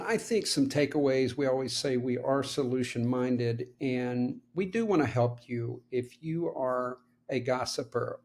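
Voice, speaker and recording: A man co-hosting a podcast, telling anecdotes and giving advice in a casual, storytelling manner. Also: medium pitch. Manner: warm storyteller, laughs easily. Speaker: podcast co-host.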